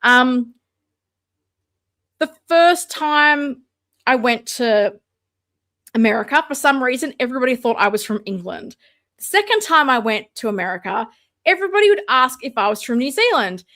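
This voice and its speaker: A woman's voice: sits high, sing-song, moderate pace, long pauses, fairly bright tone. An Australian woman hosting a casual livestream, chatting and answering viewer comments. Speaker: livestream host.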